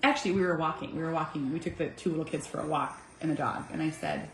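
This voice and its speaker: A woman in her thirties, a mother talking heartfelt and earnest to her viewers, swinging from soft to emphatic. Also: low voice, fast, slight background noise. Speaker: vlogger, mother. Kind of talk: heartfelt casual talk to camera. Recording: echoey room with faint music.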